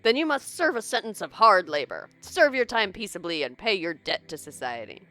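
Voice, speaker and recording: Woman reading as a stern guard giving loud clipped orders over faint music. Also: medium pitch, very animated, normal speed.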